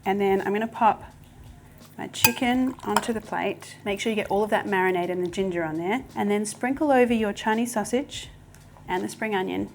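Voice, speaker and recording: A chatty, enthusiastic woman in her thirties walks through a recipe in her home kitchen, voice pitched in a middle range. Faint clatter of pots and dishes sits behind her. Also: a little fast, darkish tone, a little hiss or hum. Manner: chatty, enthusiastic, talks with mouth full while tasting. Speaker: cooking show host. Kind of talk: casual cooking demonstration.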